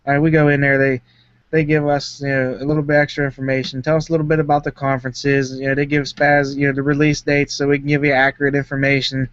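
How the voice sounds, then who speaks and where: A man's voice: mid-range voice, little pitch movement, fast talker, fairly bright tone, no echo. A man co-hosting a gaming podcast, telling stories casually. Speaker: podcast co-host. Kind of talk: casual chat. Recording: dry, muffled lo-fi.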